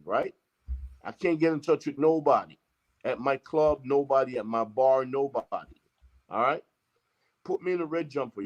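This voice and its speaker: A man from Jamaica, a guest telling a long story in casual, profane talk and acting out the lines of the people in it. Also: medium pitch. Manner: profane, emphatic, acts out quoted exchanges. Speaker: interview guest.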